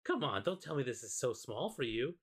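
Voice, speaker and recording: A man's voice: medium pitch, sing-song, brisk, fairly bright tone, breathy edge, full character voice. A man voicing a sadistic young female gambler who taunts in a falsely polite, sing-song way. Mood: mocking.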